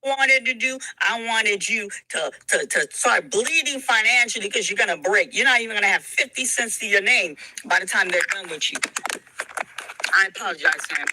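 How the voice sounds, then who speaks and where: Emotional woman, bright and emphatic. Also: mid-range voice, animated, moderate pace, hardly any pauses, rough recording. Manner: emphatic, repetitive, stumbling. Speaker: interview guest in played clip. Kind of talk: heated personal statement.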